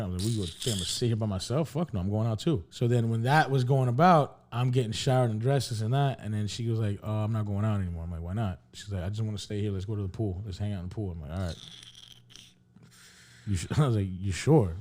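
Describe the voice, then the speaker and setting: A man with a lowish, darkish voice talks fast, with a little hiss or hum in the background. Co-hosting a casual podcast, he rambles through a travel story, swearing heavily and acting out what people said.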